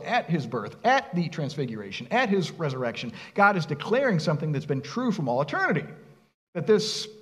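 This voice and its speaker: Middle-aged pastor preaching, voice jumps all over, long church echo. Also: male voice, mid-range voice. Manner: earnest preaching with lively emphasis and rhetorical questions. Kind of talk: sermon.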